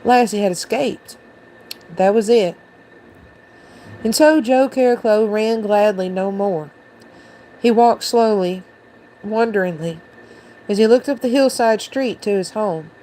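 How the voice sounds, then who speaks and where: A woman reading a storybook aloud to her viewers at a mid-range pitch. She keeps the narration steady and even, with a faint hiss behind her. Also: a little slow, pauses often, low-quality recording. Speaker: channel host reading aloud.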